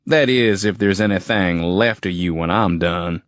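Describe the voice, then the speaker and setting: A man's voice: low voice, unhurried, no echo. A man voicing a crude, cocky male army veteran with a drawl, foul-mouthed and taunting, in a dry, close audiobook recording. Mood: defiant. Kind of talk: audiobook character voice.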